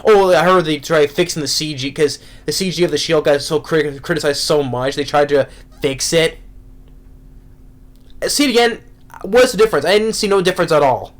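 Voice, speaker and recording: A man's voice: on the high side, a little fast. Rambling, exasperated man reviewing a movie. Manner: rambling, exasperated, frequent restarts.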